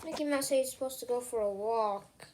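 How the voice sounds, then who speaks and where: A young performer voicing an easygoing cartoon plumber hero who turns loud and boastful in fights. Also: mid-range voice, a little fast, background noise, natural voice. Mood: sleepy. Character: brave cartoon plumber hero, sleepy then bold.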